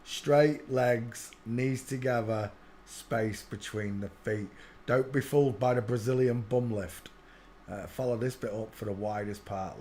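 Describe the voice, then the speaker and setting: A man's voice: mid-range voice, measured pace, mellow, slight background noise. A man hosting a live stream, commenting over video clips in an emphatic way and repeating a checklist in a chanting rhythm. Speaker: channel host.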